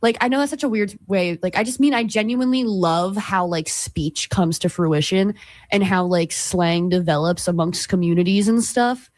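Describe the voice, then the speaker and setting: Young woman radio cohost rambling, kinda low voice, dry studio sound. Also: moderate pace, dry recording. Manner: rambling, animated, lots of fillers. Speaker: radio show co-host. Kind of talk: casual chat.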